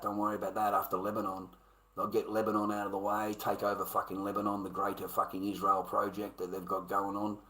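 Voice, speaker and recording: A man's voice: on the low side, sharp tone, low-quality recording. A man ranting bluntly and profanely at his live-stream chat. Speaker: livestreamer.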